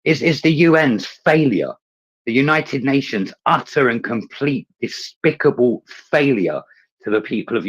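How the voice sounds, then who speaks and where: Husky fuming man on a lo-fi line. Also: medium pitch. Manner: angry, fuming; swears heavily. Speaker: participant in a live audio chat space. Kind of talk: impassioned rant. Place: remote online audio room. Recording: dull lo-fi online audio.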